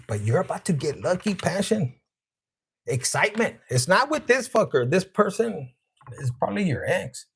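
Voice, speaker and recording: A man's voice: on the high side, sing-song, moderate pace, gravelly, breathy edge. A man hosting a live tarot reading in a crude, joking, chatty way, talking to his viewers and dropping in Spanish words. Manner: talks to live chat viewers. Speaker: tarot reader, live-stream host.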